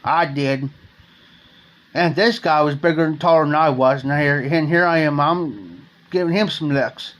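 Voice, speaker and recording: A man's voice: a little high, a little slow, a bit bright. Folksy man spinning a rambling tale. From Ohio. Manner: rambling storyteller, repeats and restarts phrases, folksy slang. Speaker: livestream host. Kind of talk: late-night storytelling chat.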